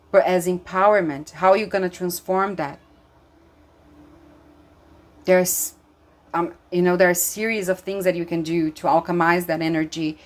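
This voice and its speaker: This tarot reader is a woman with a fairly low pitch offering an intuitive reading. Her delivery is earnest and emphatic, full of fillers and restarts, and she is clearly emotional and moved.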